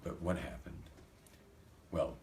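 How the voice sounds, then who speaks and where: Deep-voiced man telling a story. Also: slow pace, a little hiss or hum. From United States. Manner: animated anecdotal storytelling, acts out dialogue. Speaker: rabbi giving a talk. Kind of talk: storytelling talk to a live audience.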